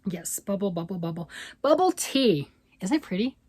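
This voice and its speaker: A grandmother talks yarn and knitting in a rambling, casual vlog chat, often checking in with "right?". Her medium-pitched voice swings widely in pitch, moves at normal speed, and has a darkish, slightly rough tone. There's no echo.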